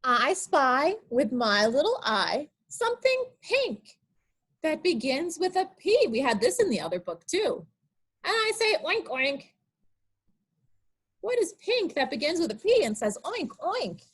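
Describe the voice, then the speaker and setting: High, lively woman reading to small children. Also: a little slow. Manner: sing-song, coaxing questions to children. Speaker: children's librarian. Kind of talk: online storytime reading picture books to small children.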